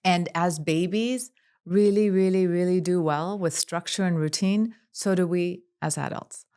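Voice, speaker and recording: A woman clinical psychologist speaking as a podcast guest, calm and measured, running through long lists of examples. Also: fairly low pitch, clear, resonant tone. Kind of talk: podcast interview.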